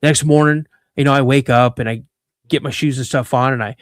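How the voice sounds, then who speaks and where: A man in his fifties from Washington State, a guest telling a personal story in conversation, animated and acting out the dialogue, often repeating and restarting words. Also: medium pitch, a little fast, no echo. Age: 50s. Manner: animated storyteller who acts out quoted dialogue. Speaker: guest, cryptid researcher.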